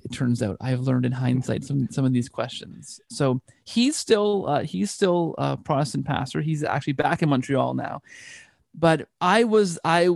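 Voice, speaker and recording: An interview guest rambles through a long personal story, restarting often and wandering into asides. His voice sits a little high, with vocal fry and a darkish tone. The recording is dry and studio-clean.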